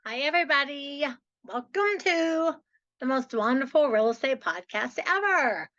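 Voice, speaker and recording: A woman's voice: high voice, expressive, a little slow, fairly bright tone, lo-fi sound. A woman hosting her own podcast, talking in a chatty, enthusiastic way that is full of "like" and "so". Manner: chatty, enthusiastic, says "like" and "so" often. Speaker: podcast host. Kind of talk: upbeat podcast monologue.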